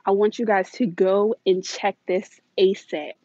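A woman hosting a live shopping stream inside a large store, filming on a handheld phone and talking fast and chatty to her viewers while a little out of breath. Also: medium pitch, steady tone, mellow, dry recording. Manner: chatty, hurried, addresses viewers directly. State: slightly out of breath. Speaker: deal-hunting vlog host. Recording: dull phone audio.

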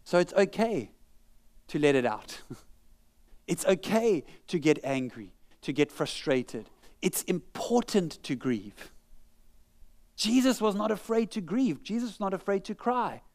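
High-voiced joking male preacher. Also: sing-song, a little slow, darkish tone. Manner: humorous, conversational preaching with self-mocking jokes. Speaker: pastor. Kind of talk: sermon. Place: church.

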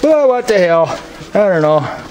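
An older man talks in a folksy, rough-spoken way while he films around his barn and chicken house. His voice sits a little high for a man. A faint noise runs under the handheld camera audio. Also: sing-song, measured pace, a little mellow. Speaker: homesteader filming his farm. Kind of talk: casual chat.

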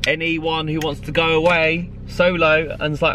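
Excitable man vlogging over road noise. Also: fairly high pitch, measured pace. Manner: excitable and gushing, full of exclamations. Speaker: travel vlogger. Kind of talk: casual vlog talk to camera. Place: in a car and outdoors by roads and the seafront. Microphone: phone on a small tripod.

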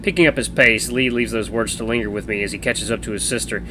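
A man streaming a game, reading the narration of a visual novel aloud in an animated way. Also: on the low side, fast talker, noisy background. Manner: animated reading with changing voices.

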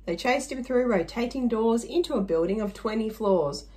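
A woman's voice: fairly high pitch, lively intonation, moderate pace, dark tone, rough recording. A woman reading a rhyming children's story aloud, playful, with little asides to the listener.

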